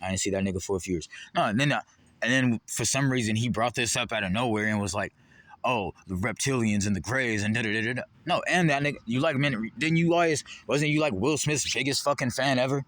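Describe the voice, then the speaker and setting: A man's voice: medium pitch, fast talker, a bit bright, no room sound. A man in a heated, rambling, profane monologue to the camera. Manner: heated, rambling, profane, jumping between topics. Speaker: vlogger.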